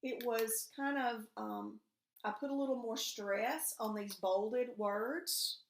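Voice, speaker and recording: A woman teaches a recorded reading lesson to young pupils. She speaks in a somewhat high voice, patient and guiding, and keeps asking them questions. The room has a noticeable echo. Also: slow, creaky. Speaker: elementary school teacher. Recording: echoey room.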